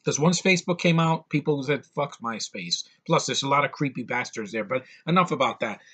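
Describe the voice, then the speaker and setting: A man's voice: mid-range voice, quick pace, a bit bright, breathy edge. A man giving a blunt, sarcastic, profane rant as a movie reviewer. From United States.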